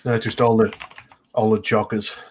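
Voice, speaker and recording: A man's voice: fairly low pitch, little pitch movement, normal speed, husky. A man joins a livestream as a guest. He speaks bluntly and swears often, mostly giving short replies in casual chat.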